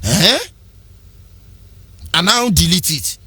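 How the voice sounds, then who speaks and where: A man's voice: high-pitched, big pitch swings, takes it slowly, bright, forceful tone, husky, no echo. A man with a Nigerian accent hosting a fiery political radio commentary, ranting in an impassioned, preachy sing-song. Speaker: radio host.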